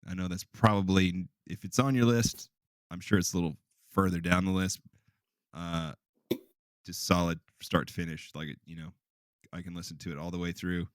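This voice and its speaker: A man's voice: sits low, steady tone, moderate pace, dry recording, studio quality. A man hosting a podcast in casual, joking chat, swearing freely. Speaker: podcast host.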